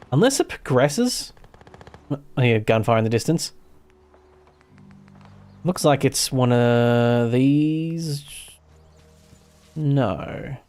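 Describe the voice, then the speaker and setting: Australian male streamer, mid-pitched, loose and chatty, thinking aloud, faint music under. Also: darkish tone. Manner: rambling, self-correcting, swears casually. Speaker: gaming streamer. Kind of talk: casual live gameplay commentary.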